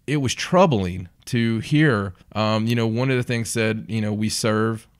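A man's voice: on the low side, measured pace, smooth. A man hosting a paranormal podcast, interviewing a guest in a hesitant, rambling way. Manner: hesitant, rambling, lots of fillers and restarts. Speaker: podcast host. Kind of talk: casual interview.

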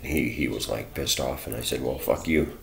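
A man with an extremely low, deep voice recounts a run-in in a loose, rambling way. He swears often and jumps into quoting the other people in short bursts. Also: normal speed, vocal fry. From Canada. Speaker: vlogger. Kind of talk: rambling personal account.

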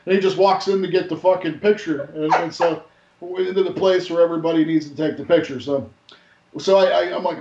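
A man with a fairly high voice tells a raucous story, swearing constantly and acting out each part with big energy. He is recorded at home, and the sound is echoey and dull, like a lo-fi room recording. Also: fairly quick. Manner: profane, animated storytelling. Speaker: podcast host. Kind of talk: casual storytelling.

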